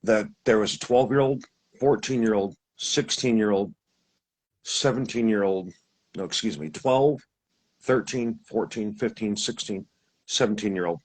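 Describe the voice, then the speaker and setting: A man recounts his experience in a husky, slightly low voice. He rambles, restarts his sentences and acts out what others said as he talks. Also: unhurried, poor audio. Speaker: guest telling his experience. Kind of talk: casual storytelling.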